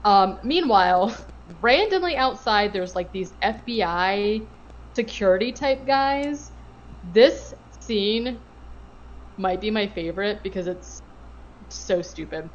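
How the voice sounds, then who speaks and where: A woman's voice: mid-range voice, lively intonation, slow, muffled recording, slight background noise. A woman co-hosting a podcast, rambling through a casual movie recap full of fillers. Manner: rambling, filler-heavy storytelling. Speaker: podcast co-host.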